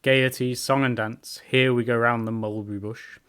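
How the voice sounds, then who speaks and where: A man voicing an old grey male donkey in a storybook read-aloud, talking slowly and mournfully, full of self-pity. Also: medium pitch, steady tone, fairly bright tone, smooth, close to an everyday voice. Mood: gloomy. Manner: slow, sighing, mournful.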